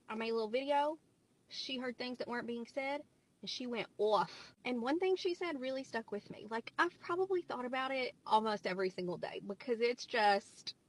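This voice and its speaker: A woman's voice: on the high side, rough recording. A woman with a Southern US accent, talking straight to camera in a blunt, wry rant. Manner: blunt, wry, plain-spoken. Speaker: content creator.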